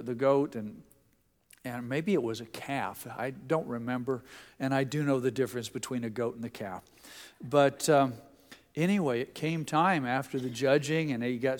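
Middle-aged guy preaching, rambles into homey farm stories, kinda high voice, echoey church. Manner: folksy storytelling, asides and restarts. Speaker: pastor. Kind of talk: sermon. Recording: long reverb of a large hall.

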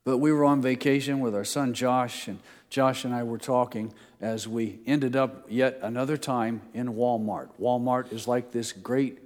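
A man's voice: mid-range voice, steady tone, normal speed, hardly any pauses, a little mellow. A middle-aged male pastor preaching a sermon in a conversational way, reading scripture aloud with emphasis. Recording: long reverb of a large hall.

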